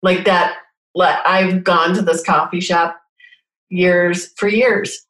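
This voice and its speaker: A woman's voice: lowish voice, steady tone, takes it slowly, fairly bright tone, reverberant, rough recording. A middle-aged woman telling personal stories in a casual conversation, earnestly acting out the dialogue. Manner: earnest storytelling, acts out quoted dialogue. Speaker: guest sharing personal stories.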